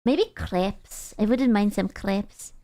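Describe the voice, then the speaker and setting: A woman's voice: mid-range voice, slow pace, warm tone. A young woman from Hungary with a Hungarian accent, a streamer chatting casually with viewers, teasing, rambling and swearing freely.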